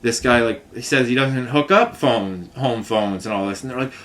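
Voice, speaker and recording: A man's voice: medium pitch, moderate pace, a bit bright. Man, casual vlog monologue, venting and rambling with a mid-range voice and a heavy use of filler words. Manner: frustrated, rambling storytelling full of "like" and "you know what I mean". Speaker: vlogger recounting a customer complaint.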